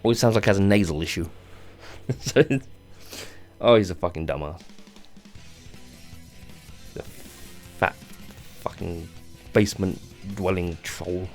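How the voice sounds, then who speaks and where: A tired man rants off the cuff on a gaming vlog, rambling and halting with many restarts and plenty of swearing. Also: deep voice, a little mellow, faint music behind. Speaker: gaming channel host. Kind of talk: unscripted rant vlog.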